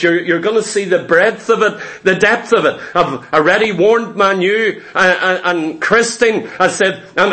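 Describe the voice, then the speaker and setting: A man's voice: high-pitched, fairly bright tone. A man preaching a sermon as pastor, emphatic, with rhetorical questions and repeated words as he starts his phrases.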